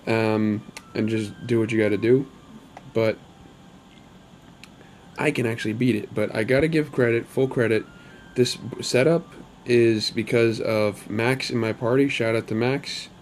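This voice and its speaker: A man's voice: mid-range voice, fairly even intonation, unhurried, a little hiss or hum. A man hosting his own gaming channel, talking casually over gameplay in a chatty, upbeat way with rambling asides.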